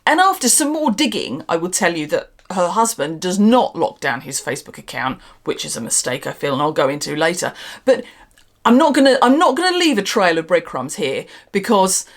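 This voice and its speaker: Sarcastic, sweary woman ranting with a lively voice. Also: on the low side, fairly quick. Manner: animated, emphatic delivery. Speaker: channel host. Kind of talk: ranting commentary vlog.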